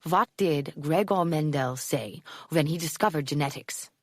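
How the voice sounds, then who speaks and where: A man's voice: a little high, a little slow, dry recording, clean studio sound. A woman voicing a tiny man in his eighties with a thick German accent, a playful teller of corny science puns in an audiobook. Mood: amused. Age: 80s.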